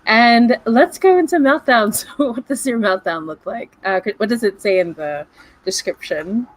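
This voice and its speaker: Woman running an rpg on a video call, playful and lively, gasps a lot. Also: a little high, normal speed, no room sound, poor audio. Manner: playful, animated, fond of dramatic gasps. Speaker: game master. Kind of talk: running a tabletop game.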